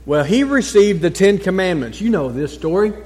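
A man preaching a sermon as a pastor. He is emphatic, repeats key phrases and pauses for effect. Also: sits high, expressive, darkish tone. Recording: long church reverb.

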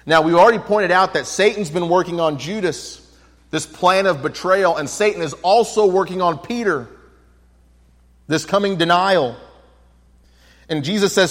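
A man's voice: fairly high pitch, lively intonation, normal speed, in a large hall. A man teaching a Bible study in an earnest, explanatory way, reading scripture passages aloud and commenting on them. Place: room with a projection screen.

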